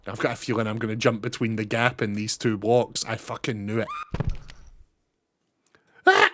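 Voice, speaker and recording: A man's voice: fairly low pitch, little pitch movement, brisk, slight background noise. A young man giving casual, chatty commentary on a game he is playing, swearing and laughing often. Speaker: streamer.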